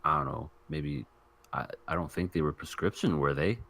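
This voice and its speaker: A man with a very low voice hosts a casual review podcast. He rambles a little, circling back and restarting as his thoughts form. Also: moderate pace, creaky, fairly bright tone. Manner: rambling, thinks aloud with restarts. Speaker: podcast host reviewing anime. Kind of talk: casual chat.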